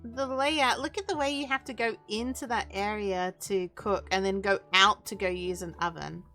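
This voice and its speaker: A woman co-streaming, tossing in quick jokey reactions and thanking viewers. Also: medium pitch, steady tone, pushed and bright, faint music behind. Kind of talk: casual banter on a live stream.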